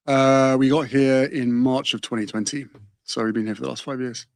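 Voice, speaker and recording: A man's voice: medium pitch, steady tone, normal speed, darkish tone, dry recording. A man with an English accent, a guest in a comedic interview, hesitant and self-deprecating. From England.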